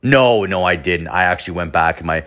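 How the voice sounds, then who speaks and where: A man in his late thirties with a somewhat low voice talks in a loose, rambling monologue. He swears constantly, piles on filler words and spins a story as the host of his own show. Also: fairly quick, fairly bright tone. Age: late 30s. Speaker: podcast host.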